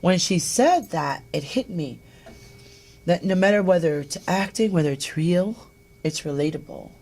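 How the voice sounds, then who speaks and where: This is a middle-aged woman host in a relaxed talk-show conversation, telling stories about her life. Her voice sits low and sounds husky and breathy. She tells things in a lively way and puts on the voices of the people she quotes. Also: a little slow. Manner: animated, acts out quoted voices. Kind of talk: personal storytelling chat.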